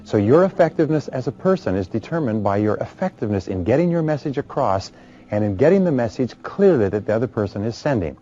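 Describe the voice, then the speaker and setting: A man giving a measured, explanatory motivational seminar lecture. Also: mid-range voice, big pitch swings, mellow. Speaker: motivational speaker. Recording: dull lo-fi recording.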